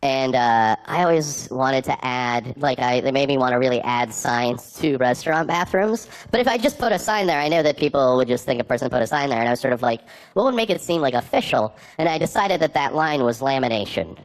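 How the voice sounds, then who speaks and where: A man's voice: medium pitch, lively intonation, a little fast, few pauses, smooth. A man doing a stand-up comedy set, telling rambling anecdotes full of "like" fillers. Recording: noisy live recording with clicks.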